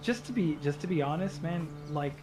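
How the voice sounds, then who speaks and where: A man's voice: on the high side, animated, brisk, over music. Rambling, hesitant American guy. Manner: hesitant, rambling, lots of fillers. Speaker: co-op player. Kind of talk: casual gaming chat.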